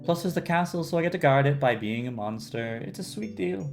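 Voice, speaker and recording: A man's voice: on the high side, expressive, brisk, gravelly, soft background music, pitched above the performer's own voice. A man voicing a cheerful, simple-minded swamp monster who guards a castle and is eager to please.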